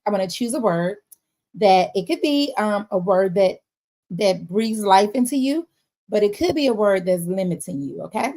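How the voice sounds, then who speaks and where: A woman giving a casual faith-based motivational talk, expressive and often checking in with her listeners. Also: medium pitch. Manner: expressive, frequent "all right?" check-ins.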